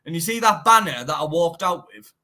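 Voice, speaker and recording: A man's voice: on the high side, expressive, a little fast, bright, forceful tone. A young man, a bare-knuckle fighter in a casual live-stream interview, talking animatedly, swearing often and saying "mate" all the time. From Teesside, northeast England.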